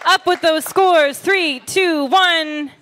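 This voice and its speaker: An emcee at a poetry slam calling out judges' scores with loud, drawn-out calls. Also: very high voice. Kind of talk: announcing scores. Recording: noisy crowd in hall.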